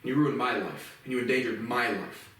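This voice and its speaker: A man's voice: medium pitch, moderate pace, sharp tone. A man giving a profane, rambling and indignant solo commentary. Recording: very echoey room, mic far off.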